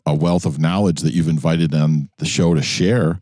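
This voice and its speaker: A man from New York talks through stories in an unhurried, easygoing way as podcast co-host. His voice is low, and he leans on fillers as he goes. The recording is close and dry. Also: dry recording. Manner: relaxed storytelling with frequent fillers. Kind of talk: casual chat. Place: in a jeep.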